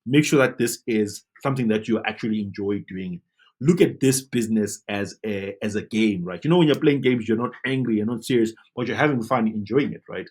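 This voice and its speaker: Husky man coaching with a lively push. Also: fairly low pitch, a little fast. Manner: animated, coaching, asks rhetorical "right?". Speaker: web design teacher. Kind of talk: tutorial talk to camera.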